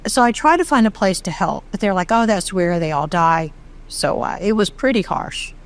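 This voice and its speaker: A middle-aged woman from Texas tells her own story as an interview guest, candid and animated, with a self-deprecating streak. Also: medium pitch, normal speed. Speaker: charity founder, interview guest. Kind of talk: conversational storytelling.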